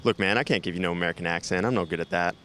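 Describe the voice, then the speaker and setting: A man's voice: low voice, racing, a bit bright, soft background music. An Australian man telling a joking story in a laid-back way. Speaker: interviewee. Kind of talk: casual anecdote.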